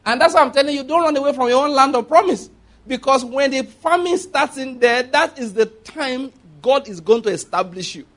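A man's voice: extremely high pitch, lively intonation, brisk, a bit bright. A man with a Nigerian accent preaching a sermon in a conversational way, asking the congregation for responses and laughing at his own asides.

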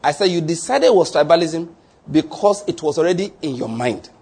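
Male preacher, higher-pitched and a little husky, teaching from scripture with a patient, explanatory delivery. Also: expressive, a little mellow. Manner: reads scripture then explains slowly, with restarts and "all right?". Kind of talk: sermon.

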